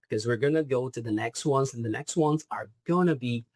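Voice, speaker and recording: A man's voice: medium pitch, fairly quick, darkish tone, dry recording. A man with a Brazilian Portuguese accent teaching British slang in an online lesson, stressing and repeating each key word. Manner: emphatic, repeats key words. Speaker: English teacher.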